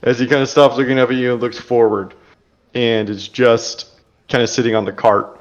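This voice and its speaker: A man narrating a tabletop role-playing game as game master, in a relaxed, chatty way. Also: medium pitch, moderate pace, lo-fi sound. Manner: relaxed and chatty, laughs easily.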